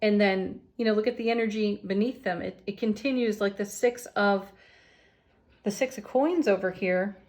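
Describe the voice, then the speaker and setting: A woman giving a casual spiritual tarot reading from home, gentle and soft-spoken, often laughing lightly. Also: medium pitch, moderate pace, rough recording. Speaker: tarot reader. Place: home, with landscaping crew outside.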